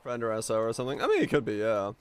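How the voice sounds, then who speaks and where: A man's voice: mid-range voice, huge pitch swings, very fast, clear, resonant tone, dry recording. A man streaming a game and chatting casually with his viewers, musing and rambling as he answers their comments. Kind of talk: casual stream chat while gaming.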